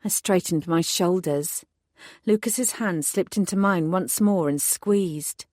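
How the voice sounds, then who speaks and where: A woman narrating a first-person audiobook in a clear, steady storytelling voice on a close studio mic. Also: lowish voice, slow pace, no echo.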